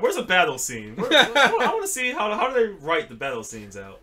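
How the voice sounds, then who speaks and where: A man's voice: high-pitched, wildly swooping pitch, a little fast, hardly any pauses, a crowd in the background. A young man casually reading a fantasy novel aloud to a friend, playfully hamming up the dramatic lines.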